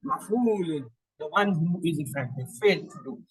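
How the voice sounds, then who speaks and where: A man teaching Quranic Arabic in a classroom lesson, slowly drilling word patterns and asking questions that he answers himself. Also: fairly high pitch, animated, low-quality recording. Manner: slow, repetitive recitation of word patterns.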